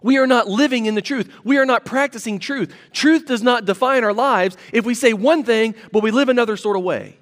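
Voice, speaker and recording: A man's voice: very high voice, fairly quick, few pauses, in a large hall. A man preaching a sermon as pastor, teaching earnestly and repeating key phrases for emphasis.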